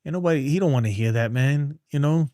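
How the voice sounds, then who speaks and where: A man's voice: fairly high pitch, fast, mellow, no echo, clean studio sound. A man who is a streamer, breaking down a baseball game in loose, slang-filled casual talk, reading chat as he goes. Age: adult with a son.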